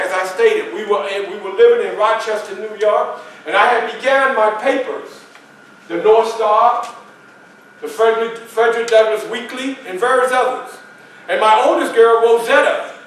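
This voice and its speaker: Recorded from a distance in an echoey room, this man plays a historical figure in the first person, sharing his tale folksily and conversationally at a library gathering. His pitch is high and his tone a bit bright, with slight background noise.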